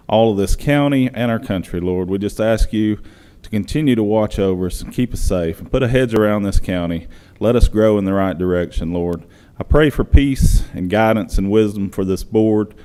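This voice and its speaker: Low-voiced man leading a prayer. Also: warm tone. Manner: earnest, reverent. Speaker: county director leading a prayer. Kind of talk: spoken prayer. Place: county meeting room.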